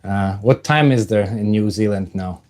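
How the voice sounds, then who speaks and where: A man hosting a casual livestream, halting with many fillers while he greets viewers in the chat and talks about his own life. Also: on the low side, a little mellow. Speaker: livestream host.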